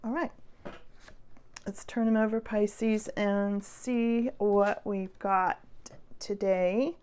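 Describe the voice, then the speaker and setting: A woman giving a casual tarot reading to her viewers, chatty and encouraging, with many fillers and soft laughs. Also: mid-range voice, fairly even intonation, very slow, clear, resonant tone. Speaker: tarot reader.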